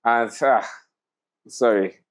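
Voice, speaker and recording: A man's voice: medium pitch, slow pace. Young man, podcast co-host, opinionated ranting, frequent laughter, casual studio chat.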